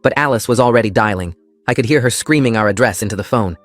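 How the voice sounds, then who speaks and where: A man narrating a first-person story in a calm, steady scripted style. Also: medium pitch, fast talker, no echo, soft background music.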